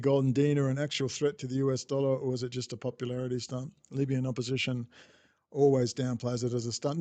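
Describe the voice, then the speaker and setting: Speaking in a mellow, mid-range voice, a man runs a casual livestream, riffing without a plan, cursing liberally and replying to chat messages along the way.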